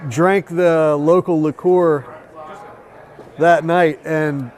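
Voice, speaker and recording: A man, a tattoo artist, telling travel stories in casual chat, animated and profane. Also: a little high, drawn-out words. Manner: profane, animated storytelling with quoted voices. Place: busy tattoo convention.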